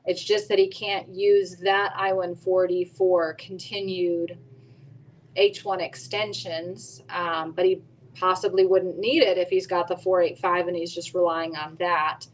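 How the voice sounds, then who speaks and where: A woman co-hosting a live Q&A show, explaining answers clearly and step by step. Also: on the low side, flat delivery, a little slow, a little hiss or hum, poor audio. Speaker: immigration attorney and co-host.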